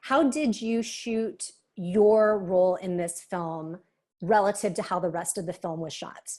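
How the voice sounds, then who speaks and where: A woman's voice: medium pitch, unhurried, mellow. A woman hosts a casual interview in an upbeat, chatty way, full of enthusiasm. Her voice sits in a middle range. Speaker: interview host.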